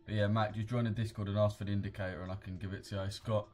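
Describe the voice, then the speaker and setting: Here the young British trading streamer is racing along, his fairly low, slightly mellow voice showing little pitch variation. He stays laid-back and slangy, reading out what viewers write, while soft music plays underneath.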